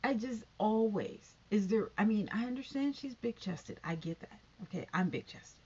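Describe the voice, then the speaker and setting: A woman's voice: medium pitch, animated, normal speed, a little mellow, breathy edge. A woman vlogging from home, chatting bluntly and gossiping in a casual commentary. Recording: dull lo-fi recording.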